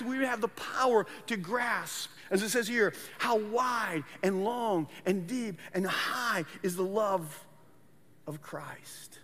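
High-voiced preacher in a reverberant hall. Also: male voice, fairly bright tone. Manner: earnest, often repeats words while restarting phrases. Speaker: pastor. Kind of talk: sermon.

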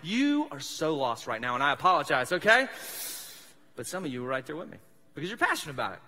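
A man's voice: on the high side, big pitch swings, fast, bright, forceful tone. Southern guy preaching, chatty and self-deprecating, long church reverb. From South Mississippi. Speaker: pastor. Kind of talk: casual conversational sermon. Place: church sanctuary.

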